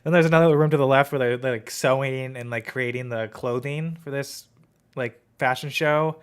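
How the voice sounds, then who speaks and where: A man's voice: mid-range voice, steady tone, moderate pace, smooth. A young man hosting a podcast, telling a rambling story in casual chat with lots of fillers. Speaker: podcast host.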